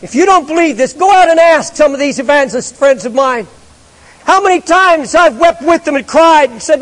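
A man's voice: very high-pitched, a little fast. A man preaching a fervent, pleading sermon, repeating himself as he presses his point. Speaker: pastor. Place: large church with balcony. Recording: reverberant church sanctuary.

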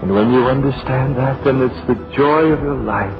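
A man preaching a sermon, telling a story dramatically and dropping to a hush at key moments. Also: mid-range voice. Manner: dramatic, slows and drops to a hush. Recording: dull lo-fi recording with music.

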